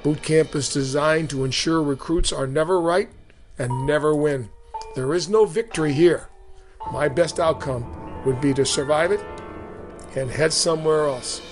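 A man reads his memoir aloud in a steady, earnest way. His voice sits slightly high for a man. Faint music runs under the narration. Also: measured pace. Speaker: storyteller recounting his boot camp. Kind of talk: memoir reading.

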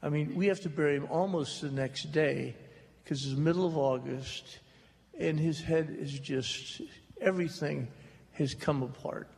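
An older man telling stories slowly and jokingly to a live audience in a hall. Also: on the high side, gravelly, darkish tone. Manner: slow, drawling, joking storyteller. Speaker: author on a talk stage. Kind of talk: storytelling at a public talk. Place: large hall before an audience. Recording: reverberant hall with faint noise.

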